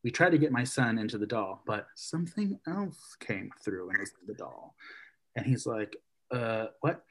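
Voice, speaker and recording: A man co-hosting a casual podcast, retelling a story in an animated way and acting out the characters' lines. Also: fairly low pitch, normal speed.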